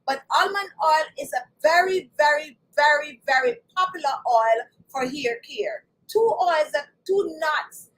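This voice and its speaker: Woman, high voice, live stream host, chatty, emphatic, repeats key words. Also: lively intonation, a little slow, a bit bright, low-quality recording. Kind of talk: live-stream hair care talk.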